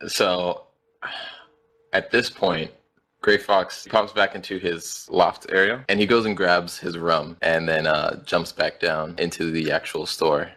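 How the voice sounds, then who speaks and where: A man's voice: low voice, flat delivery, unhurried, fairly bright tone. A man playing a tabletop game, chatting casually and a bit hesitantly. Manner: hesitant, laughs often. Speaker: player.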